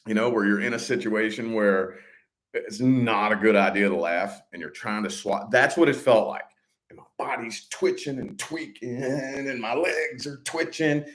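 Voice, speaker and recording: A middle-aged man telling a story to his viewers in a casual vlog, swearing freely and getting animated when he quotes other people. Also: medium pitch. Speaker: vlogger.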